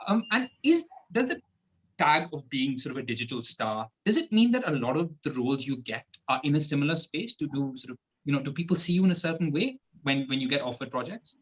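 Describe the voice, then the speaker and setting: Host, talks fast, chatty questions with lots of you know. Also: mid-range voice, big pitch swings, slightly rough, low-quality recording. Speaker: interview host. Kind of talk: interview questions.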